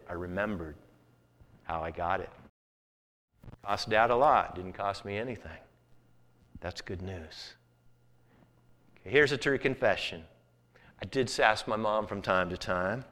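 A man's voice: mid-range voice, a bit bright. A man pastor telling a story in a sermon, in a folksy, conversational way.

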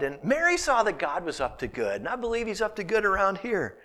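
A middle-aged man preaching a sermon, telling stories with animated delivery and dropping to a hushed whisper at times. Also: high-pitched, a little fast, hardly any pauses. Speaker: pastor.

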